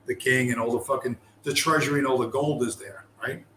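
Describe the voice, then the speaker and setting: A show host launches into a profane, emphatic rant, pounding his points home through repetition and swearing. His medium-pitched voice is steady, pushed and bright, and fairly quick. The room sounds roomy, with faint background noise.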